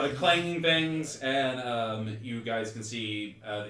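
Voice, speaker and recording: A man narrating as game master of a tabletop game, talking haltingly with many fillers and restarts. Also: medium pitch, level tone, bright, forceful tone. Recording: roomy stream audio with faint music.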